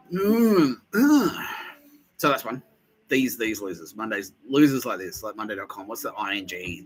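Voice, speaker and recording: A man's voice: deep voice, fairly bright tone, a little hiss or hum, rough recording. Sweary sarcastic man ranting. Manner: sweary, sarcastic, mocking voices of others. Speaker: podcast host. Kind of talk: rambling comedic monologue.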